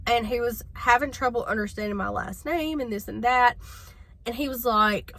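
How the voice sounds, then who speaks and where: A woman's voice: on the high side, normal speed, sharp tone, dry recording. A woman telling a story to her viewers in a chatty, exasperated way. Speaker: vlogger. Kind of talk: casual storytelling to camera.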